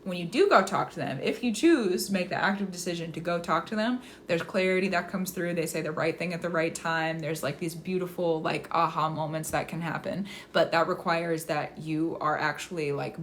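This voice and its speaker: A woman astrologer chatting on a live stream and giving readings, effusive and quick to laugh, sometimes slowing into a soft invocation. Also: lowish voice, a little hiss or hum. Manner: effusive, gushing, laughs often.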